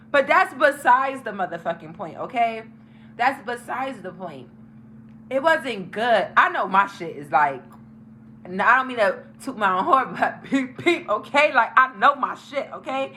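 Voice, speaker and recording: A woman's voice: on the high side, sing-song, a little slow, pushed and bright, slight background noise, low-quality recording. A young woman hosting a casual storytime vlog, talking frankly and emphatically with lots of profanity. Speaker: tarot channel host.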